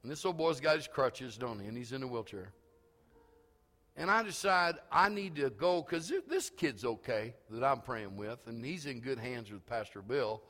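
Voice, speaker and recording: A pastor preaching a sermon, telling a story that swells into shouted calls to the congregation. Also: male voice, medium pitch, lively intonation, moderate pace, in a large hall. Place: church sanctuary.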